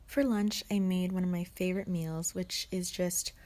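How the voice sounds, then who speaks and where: A woman's voice: lowish voice, steady tone, normal speed, a little mellow. A woman in her twenties narrating a casual food vlog in a chatty, giggly way, full of fillers. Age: 20s. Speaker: vlogger.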